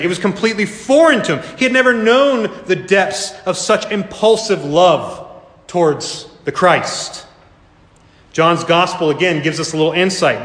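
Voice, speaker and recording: A man's voice: on the high side, a bit bright. A male pastor giving a sermon, telling the scene vividly and acting parts of it out, in a church. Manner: vivid storytelling, acts out scenes. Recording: echoey hall.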